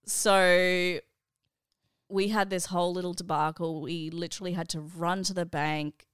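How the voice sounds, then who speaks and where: Animated mum, smooth voice. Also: female voice, fairly low pitch, unhurried, no room sound, clean studio sound. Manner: animated, exasperated, swears, laughs often. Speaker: podcast co-host and mother. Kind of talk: casual chat, storytelling.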